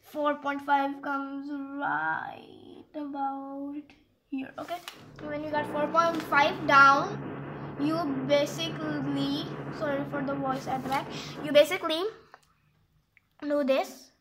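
A woman's voice: sits high, slow pace, noisy background. A woman explaining a geometry exercise step by step in a casual, rambling way, often stopping to correct herself and apologize. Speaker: math tutorial maker.

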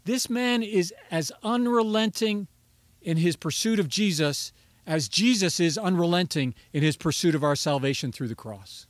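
A man's voice: high voice, animated, normal speed, no room sound. A man preaching a sermon as pastor, earnest and rising to emphatic pleading on key phrases.

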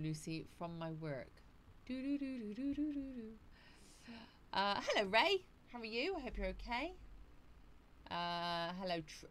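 A woman with a slightly low voice, chatting breezily on a casual livestream. She greets viewers by name and laughs easily. A faint hum of noise sits behind her voice. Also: fairly bright tone. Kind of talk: casual live chat reading out viewer comments.

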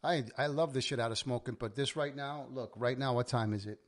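A New man in his forties hosts a laid-back podcast chat. He tells stories in a lively, animated way and swears freely along the way. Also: medium pitch, a little fast. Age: 40s. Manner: swears often, animated storyteller. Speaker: podcast host. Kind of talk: casual chat.

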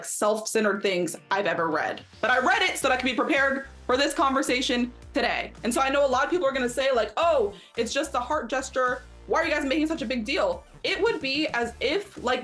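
A woman's voice: fairly high pitch, a bit bright. Emphatic woman co-hosting a sports show. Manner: emphatic, opinionated, acts out quotes in mocking voices. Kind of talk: studio discussion.

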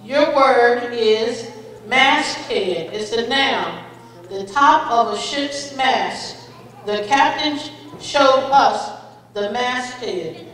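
High-voiced, unhurried woman pronouncing spelling words. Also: fairly bright tone. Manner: patient, encouraging, calls each speller friend. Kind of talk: reading words, definitions and example sentences. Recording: echoey hall, voice far from the mic.

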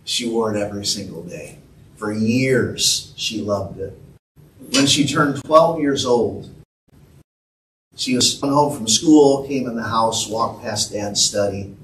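A man's voice: lowish voice, takes it slowly, fairly bright tone. Male pastor, emphatic sermon delivery, recorded from a distance with faint noise. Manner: earnest, emphatic, calls out to the congregation. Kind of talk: sermon with storytelling. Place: church sanctuary. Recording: echoey church room from a distance.

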